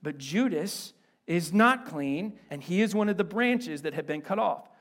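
A man preaching a sermon as a pastor in a church, animated and conversational with playful asides. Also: high-pitched, unhurried.

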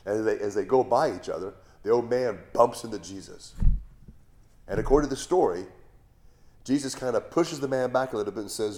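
A man's voice: lowish voice, a little fast, a little mellow. A middle-aged male pastor giving a sermon in a conversational way, with rhetorical questions and asides.

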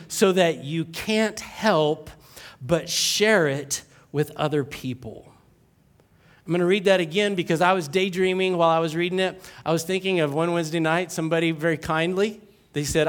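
High-voiced pastor preaching with rising emphasis. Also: male voice, a bit bright. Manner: repeats points, asks the congregation questions, jokes. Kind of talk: sermon.

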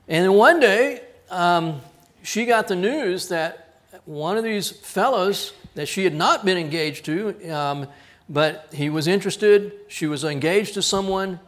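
Man, pastor, high voice, animated storytelling sermon. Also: a little slow. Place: church.

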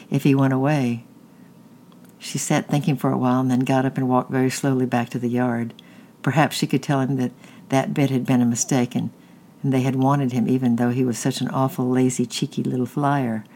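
A narrator reads a novel chapter aloud in a steady, even storytelling manner. The voice is mid-pitched, with a faint rumble behind it. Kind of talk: audiobook reading.

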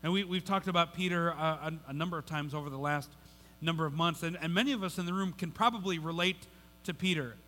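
Bright-voiced male preacher in a big hall. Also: on the high side, fast talker. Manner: conversational, repeats words, restarts sentences. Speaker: pastor. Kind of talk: sermon. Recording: long hall reverb.

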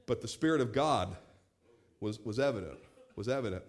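A man in his late thirties preaching a sermon as pastor, animated, acting out quoted voices and repeating words as he starts phrases. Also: mid-range voice, moderate pace. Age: 30s.

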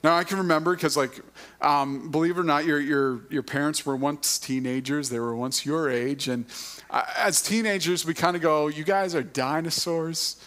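A middle-aged man on church staff giving a sermon in a casual, halting way, often repeating words and using fillers. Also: on the high side, fairly bright tone.

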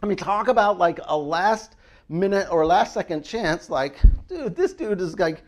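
Animated, conversational middle-aged pastor. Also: male voice, sits high, normal speed. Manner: conversational, animated storytelling with frequent "I mean" and "like". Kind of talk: sermon.

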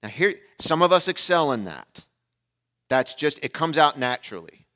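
A man preaching a sermon as a pastor, telling a family story in a casual, conversational way and acting out the dialogue with lively energy. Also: fairly high pitch, moderate pace. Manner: animated storyteller who acts out dialogue.

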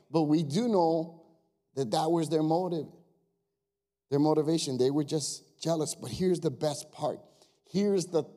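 Animated, warm-toned male pastor preaching. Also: on the high side. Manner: animated, talks to the congregation, jokes, switches to quiet asides. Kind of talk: lively sermon.

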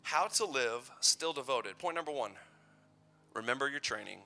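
Bright-voiced man preaching casually. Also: medium pitch, animated, normal speed. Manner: playful, conversational, teasing asides. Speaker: youth pastor. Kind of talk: youth sermon with personal stories.

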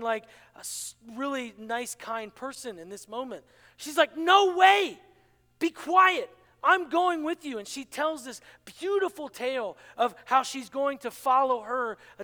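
A man's voice: extremely high pitch, bright, forceful tone. A man preaching a sermon in a dramatic manner, acting out the quoted dialogue. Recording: long hall reverb.

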